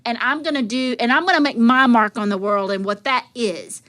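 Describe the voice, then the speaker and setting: High bright tennessee lady cohost, gushy and rambly, lots of y'all. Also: brisk. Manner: gushing, rambling, Southern "y'all". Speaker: podcast co-host. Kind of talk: casual chat.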